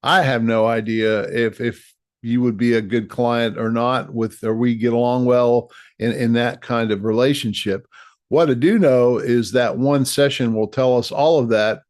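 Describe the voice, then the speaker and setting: A man's voice: medium pitch, steady tone, unhurried, darkish tone, dry recording, clean studio sound. A middle-aged man giving a coaching talk on leadership, earnest and given to repeating and restarting his phrases. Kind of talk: direct-to-camera coaching talk.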